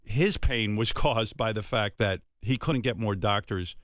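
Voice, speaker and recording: Deep-voiced man hosting a radio talk show. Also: unhurried, a bit bright, no echo, clean studio sound. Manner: earnest, heartfelt, rambling with many restarts.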